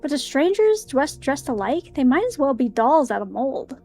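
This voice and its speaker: A woman's voice: high voice, sing-song, normal speed, mellow, soft background music. A young woman streaming a visual novel, reading the narration aloud with giggly, easily spooked commentary. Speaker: game streamer.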